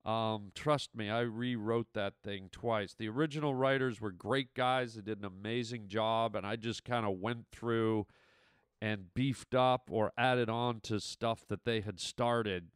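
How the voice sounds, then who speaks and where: A man speaks in a casual recorded message and rambles playfully through a story. His voice is smooth and resonant. The recording is dry and close, with almost no room sound. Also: lowish voice, fairly even intonation, measured pace, no room sound. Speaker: actor and comedian.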